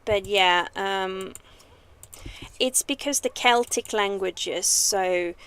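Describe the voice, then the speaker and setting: A woman's voice: medium pitch, takes it slowly, a bit bright, clear, resonant tone. A woman from Sweden with a Swedish-tinged English accent, chatting casually and thinking aloud as she livestreams a game. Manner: chatty, rambling, thinks aloud while playing. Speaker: streamer. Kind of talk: casual live gameplay chat.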